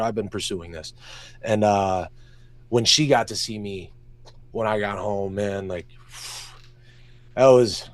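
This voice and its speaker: A man's voice: lowish voice, no room sound. A young man, an MMA fighter, talking openly and emotionally in an interview, swearing often and telling stories in long run-on answers. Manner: open and emotional, heavy swearing, loose run-on storytelling. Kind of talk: candid emotional interview talk.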